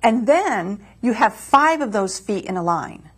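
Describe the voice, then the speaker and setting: A woman's voice: on the high side, big pitch swings, a little slow, breathy edge. A woman poet on a community TV show, reading her poem aloud and patiently explaining verse form in a studio. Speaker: poet and guest author.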